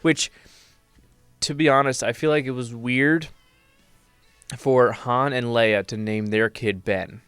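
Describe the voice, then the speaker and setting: Smooth-voiced young man rambling casually. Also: mid-range voice, fairly even intonation, slow pace, long pauses, fairly bright tone, dry recording, faint music behind. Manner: rambling, filler-heavy. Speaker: podcast co-host. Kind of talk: casual chat.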